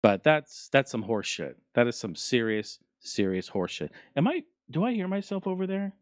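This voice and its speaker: A man's voice: mid-range voice, big pitch swings, normal speed, dry recording, clean studio sound. A man hosting a casual solo podcast, ranting animatedly and swearing often. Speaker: podcast host.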